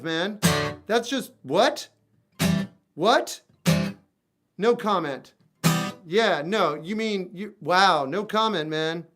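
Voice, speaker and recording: A man's voice: high-pitched, a little slow, fairly bright tone. A man livestreaming as a musician, talking back to viewer comments with wry, exasperated asides. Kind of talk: casual livestream chat reading viewer comments. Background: acoustic guitar playing.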